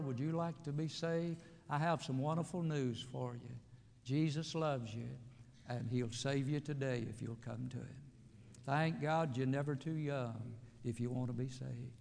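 Gravelly preacher in a reverberant church. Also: male voice, a little high. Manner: emphatic, swings between loud calls and quiet storytelling. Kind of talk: sermon. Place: church sanctuary. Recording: long reverb of a church hall. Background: hall reverb.

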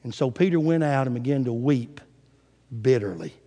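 A man's voice: medium pitch, animated, normal speed, warm tone. A male preacher giving a sermon, retelling scripture dramatically in a church sanctuary. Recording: long hall reverb.

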